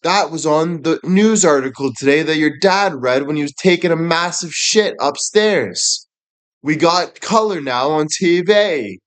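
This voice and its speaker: A man's voice: on the high side, animated, measured pace, pitched above the performer's own voice. A man voicing a patient mother who talks to her child in a matter-of-fact way.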